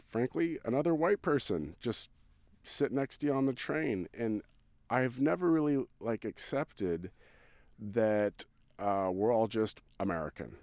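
A Californian songwriter tells a personal story from a van on a town street, casual and earnest, rambling with many fillers and restarts. His mid-range voice is expressive, unhurried and darkish in tone, captured in a dry, clean studio sound.

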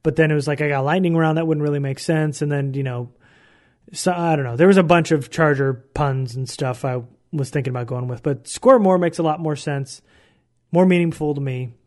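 A young man hosts a sports podcast on his own and talks in a loose, chatty way. He tells his stories with energy. His voice sits a little higher than most men's. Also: brisk. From San Diego, USA. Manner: chatty, animated storyteller. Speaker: podcast host. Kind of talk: solo sports podcast, casual storytelling.

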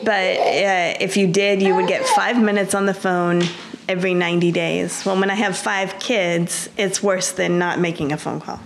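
A woman with a lowish, gravelly voice recounts her own past as an interview guest. She talks earnestly and plainly, often backing up to restart a sentence. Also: fairly even intonation, normal speed, background noise. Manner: earnest storytelling with frequent restarts. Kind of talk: personal testimony.

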